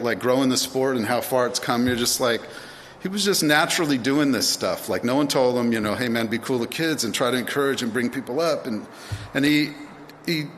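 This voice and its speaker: A man's voice: mid-range voice, a bit bright. Rambling man in a big echoing hall. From United States. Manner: rambling, many fillers and restarts. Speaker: speaker at induction ceremony. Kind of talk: storytelling speech. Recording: long reverb of a large hall, faint ambient noise.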